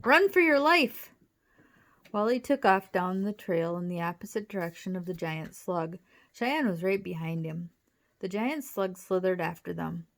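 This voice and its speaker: A woman reading a children's chapter book aloud with lively storytelling. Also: on the low side, normal speed, vocal fry. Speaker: audiobook reader.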